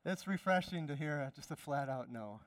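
A man's voice: on the high side, lively intonation, normal speed, a little hiss or hum. A man from Chicago preaching a conversational sermon as pastor, emphatic and repeating his phrases. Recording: long reverb of a hall.

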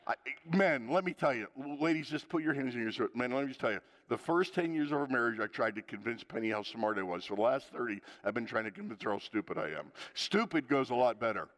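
A pastor in his sixties preaches a sermon full of funny stories from his marriage, acting out the people's lines and laughing as he goes. He talks fast with a medium pitch and hardly any pauses, and the sound carries the feel of a big room.

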